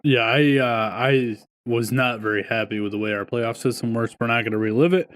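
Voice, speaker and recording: A man's voice: medium pitch, fairly even intonation, brisk. A man co-hosting a podcast, talking sports casually from home, swearing freely and telling stories. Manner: swears freely, tells stories with quoted voices. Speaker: podcast co-host. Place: home, streaming over wifi.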